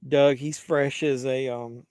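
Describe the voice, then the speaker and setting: A man's voice: mid-range voice, fairly even intonation, slow, darkish tone, clear, resonant tone, dry recording. Man cracking crude jokes on a livestream. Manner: laughs at his own jokes, teasing. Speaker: livestream host. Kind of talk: crude joking chat with live viewers.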